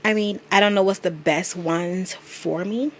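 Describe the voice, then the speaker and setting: A woman's voice: mid-range voice, steady tone, unhurried, slight background noise. A woman in her thirties talking straight to camera in a confessional vlog, earnest and emotional as she confides in her viewers. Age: 30s. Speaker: vlogger.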